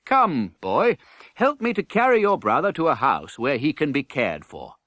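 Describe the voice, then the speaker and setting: A man voicing a grown passer-by who speaks in a measured, firm way. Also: on the high side, very animated, fairly bright tone, dry recording, studio quality, voice pushed up. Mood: kindly. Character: kindly passer-by turned stern.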